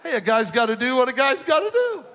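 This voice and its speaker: A man preaching a youth sermon, joking through personal stories and rising into shouted preaching before a live audience. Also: extremely high pitch, sing-song, fast, in a large hall, a little hiss or hum. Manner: jokey storytelling, building to shouted preaching. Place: large hall with an audience.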